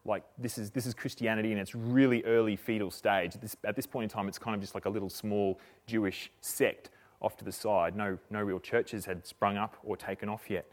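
Preaching a sermon, a man with a fairly low voice retells a story at a brisk clip. His tone is relaxed and chatty, full of slang, and he keeps restarting his sentences.

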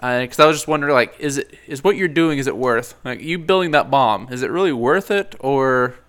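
A man's voice: medium pitch, a little fast, fairly bright tone, clean tone. A man chatting casually about a movie, rambling with lots of fillers and jokes. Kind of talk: casual movie review chat.

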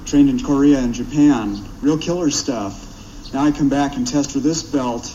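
Bragging middle-aged veteran soldier played by a man, gruff, heard from far off. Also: mid-range voice, normal speed, warm tone, a little hiss or hum, lightly acted. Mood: boastful. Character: boastful tough male army veteran, middle-aged. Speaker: military veteran testing for a black belt. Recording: dull distant film clip audio.

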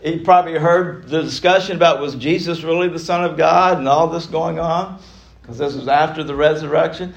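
Middle-aged man teaching a Bible class; somewhat high-pitched, emphatic delivery with frequent chuckles and repeated lines. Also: moderate pace, creaky, dull audio. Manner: emphatic, laughs often between points.

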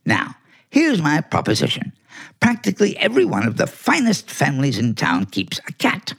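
A man's voice: on the high side, huge pitch swings, normal speed, fairly bright tone, breathy edge, full character voice. An actor playing a clever, bossy talking male house cat in a 1940s radio play, smug and theatrical. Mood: scheming.

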